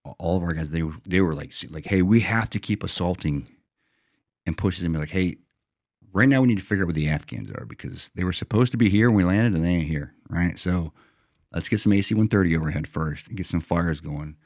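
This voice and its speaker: A man's voice: sits low, a little fast, darkish tone, no room sound, clean studio sound. A middle-aged American veteran man telling a combat story in a plain-spoken, casual way, slipping into quoted self-talk. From United States.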